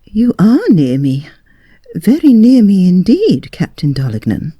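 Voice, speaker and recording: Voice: huge pitch swings, unhurried, warm tone, no echo, studio quality, exaggerated voice. A reader voicing a young lady on a train, coy and easily frightened, in a raised voice. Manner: high, breathy coy lines.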